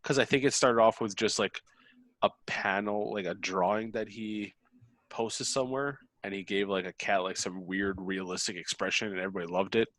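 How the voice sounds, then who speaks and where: Casual book club member, man, lower voice, rambling, dry close sound. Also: fairly even intonation, moderate pace, a bit bright, no room sound. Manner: rambling, many fillers. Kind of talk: casual chat.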